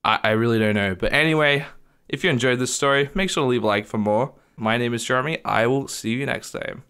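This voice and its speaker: A young man vlogging, retelling a strange restaurant visit in a casual, animated way, with lots of "like". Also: medium pitch, fairly quick, smooth. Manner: animated retelling, heavy use of "like". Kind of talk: casual storytelling to camera.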